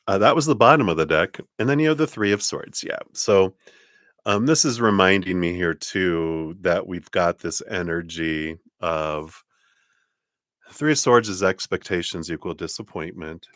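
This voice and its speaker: A man with a very low voice gives a casual live tarot reading. He sounds chatty and reassuring and laughs often. The sound is close and dry. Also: fairly bright tone, no room sound. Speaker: tarot reader hosting a live stream.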